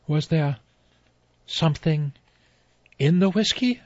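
A woman's voice: deep voice, lively intonation, a little mellow, no room sound, voice pushed up. A man reading a novel aloud, voicing a shaken young woman who falters as she speaks, on a dull lo-fi recording. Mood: hushed. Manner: halting, faltering speech.

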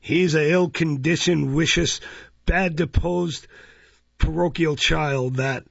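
A pompous, blustering parish beadle, as a man puts him on for a storybook reading, barking his words in a raised, gravelly voice. The recording is dry and dull. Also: a little high, a little slow, no room sound, voice pushed up, heavily acted. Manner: blustering, loud and imperious. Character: pompous bullying male parish beadle, middle-aged.

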